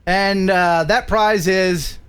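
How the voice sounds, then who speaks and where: A man's voice: high-pitched, steady tone, slow, fairly bright tone, clear, resonant tone, soft background music. An American man hosting a casual live stream, reading out viewer jokes and laughing often.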